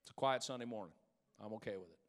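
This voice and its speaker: A man preaching a sermon as pastor in a church, swinging between loud exclamations and hushed asides and calling out to the congregation. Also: mid-range voice, racing, clear, resonant tone. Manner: calls out to the congregation. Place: church sanctuary. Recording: long church hall reverb.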